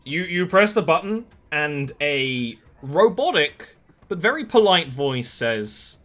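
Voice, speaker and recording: A man's voice: on the high side, big pitch swings, slow, a bit bright. A man running a tabletop game as game master, describing scenes in a rambling way with many fillers.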